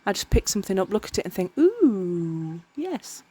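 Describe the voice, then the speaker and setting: A woman's voice: medium pitch, little pitch movement, racing, a little mellow. A tired woman chatting casually while crafting, rambling and often tripping over her words. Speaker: miniature crafter. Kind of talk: casual crafting vlog narration.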